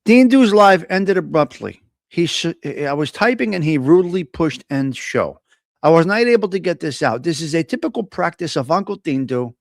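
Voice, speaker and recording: A man's voice: fairly high pitch, animated, moderate pace, no room sound, studio quality. A man hosting a casual live stream, chatting with viewers, teasing them and reading their comments aloud. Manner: chatty, laughs often, teasing, ad-libs.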